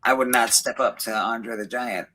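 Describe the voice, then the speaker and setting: A man's voice: medium pitch, normal speed, bright, forceful tone, low-quality recording. A man chatting on a livestream panel, talking emphatically and laughing between remarks. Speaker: panel co-host. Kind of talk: casual livestream chat.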